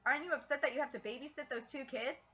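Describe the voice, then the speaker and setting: A woman's voice: sits high, quick pace, background noise, close to an everyday voice. A woman reading the lines of a smug, arrogant young male noble in a sneering, condescending way. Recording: lo-fi stream audio.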